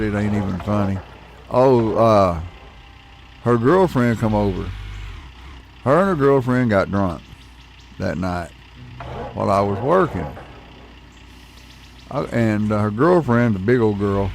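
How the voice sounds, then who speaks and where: A man's voice: on the low side, gravelly, slight background noise. A middle-aged man, telling a rambling, folksy story with casual swearing while he plays a game. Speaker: gaming channel host.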